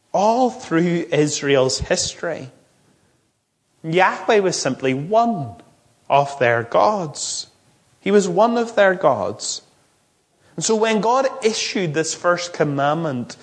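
A man preaching a sermon, reading scripture aloud and explaining it with emphatic rises and frequent restarts. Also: a little high. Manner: expository, with emphatic rising peaks and restarts.

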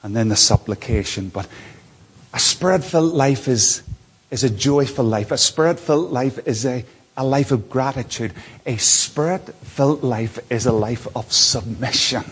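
A man preaching a sermon from a church platform, earnest and repetitive, moving between soft asides and lifted emphasis. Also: medium pitch, moderate pace, slightly rough, in a large hall.

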